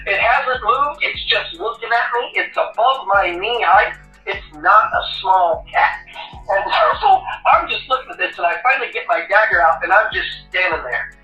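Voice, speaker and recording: A man in his fifties tells his story with a bright, forceful voice and lively swings, swearing and laughing at his own expense. He sounds far off in a roomy, echoey space. The sound is dull, with faint music under it. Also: sits high, normal speed. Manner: animated, profane storyteller who laughs at himself. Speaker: retired Navy corpsman, podcast guest. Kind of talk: casual interview storytelling.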